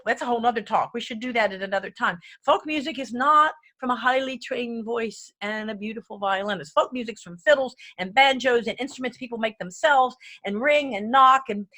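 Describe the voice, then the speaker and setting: This woman's voice is a little high and a bit bright. She's a music lecturer teaching a relaxed online lesson, talking eagerly, straying from the subject, and counting beats out loud at her keyboard, which is faintly heard behind her.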